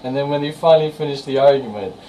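A man's voice: mid-range voice, fast talker, warm tone. Man, distant mic, faint hiss. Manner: chatty storyteller, laughs often. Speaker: podcast co-host. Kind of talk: casual podcast chat.

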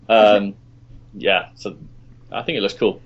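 A man's voice: on the low side, fairly bright tone. A man on a casual gaming podcast, giving his opinion hesitantly with frequent ums. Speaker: podcast co-host. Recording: dull lo-fi podcast audio.

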